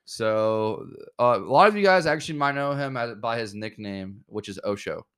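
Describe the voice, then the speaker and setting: A young man hosting a casual podcast, laid-back and joking, talking in halting bursts with fillers. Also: mid-range voice, expressive, fairly bright tone, clean tone. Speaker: podcast host.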